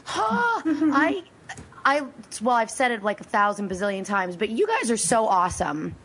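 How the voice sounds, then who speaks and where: A woman hosting a talk radio show, hoarse from losing her voice, chatting in a bubbly, giggly, rambling way. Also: mid-range voice, very animated, moderate pace, fairly bright tone. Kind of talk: casual radio show chat.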